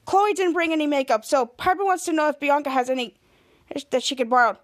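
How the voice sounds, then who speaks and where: A woman voicing a goofy, oblivious teenage boy, quoting him a bit louder and higher than her own voice. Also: lively intonation, fast.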